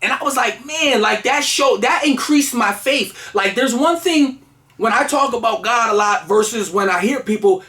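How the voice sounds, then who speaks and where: A man with a high, bright voice recounts a personal story in relaxed conversation. He talks earnestly, stumbling and restarting as he goes, and fills the gaps with "um" and "like.". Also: moderate pace. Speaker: guest telling his story. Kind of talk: casual storytelling.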